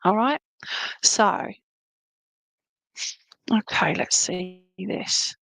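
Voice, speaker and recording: A woman's voice: medium pitch, drawn-out words, gravelly, long pauses, husky, no room sound, poor audio. A woman giving a live psychic reading to one viewer, rambling and affectionate, often stopping to ask whether what she says makes sense. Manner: warm endearments, rambling, frequent "would that make sense?" check-ins.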